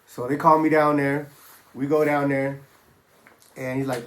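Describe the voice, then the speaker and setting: A man's voice: mid-range voice, flat delivery, a little slow. A middle-aged man casually recounting his past in a laid-back, streetwise way, full of slang and fillers. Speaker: former prisoner telling his story. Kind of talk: casual storytelling. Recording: roomy echo.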